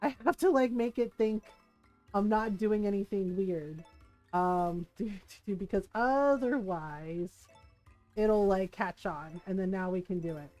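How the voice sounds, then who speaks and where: A woman's voice: mid-range voice, a little slow, darkish tone, faint music behind. A woman streaming a video game from home, chatting casually, giggling often and acting out other people's reactions. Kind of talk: casual live-stream chat.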